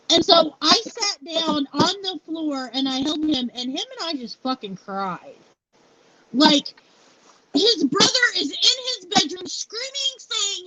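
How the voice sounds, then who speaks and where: A woman's voice: very high-pitched, lively intonation, measured pace, background noise. A woman in her forties telling a personal story in a live interview, frank and blunt, swearing freely and saying "you know" a lot. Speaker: founder and CEO, interview guest. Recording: muffled lo-fi live stream audio.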